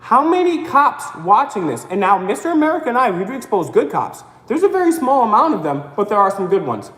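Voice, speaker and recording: A woman with a high voice delivers a fiery political rant on a live stream, often breaking into shouts. Her voice rings through an echoey room with a long, hanging reverb. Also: big pitch swings, brisk.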